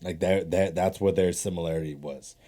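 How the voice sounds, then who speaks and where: A man's voice: deep voice, steady tone, brisk, dark tone. A man co-hosting a podcast in casual chat, blunt and opinionated with dry putdowns. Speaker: podcast co-host.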